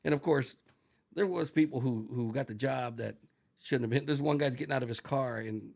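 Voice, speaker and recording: Middle-aged retired corrections officer, gravelly and profane, livens his stories with acted-out voices. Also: medium pitch, normal speed. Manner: profane, animated, acts out voices in anecdotes. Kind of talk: casual storytelling.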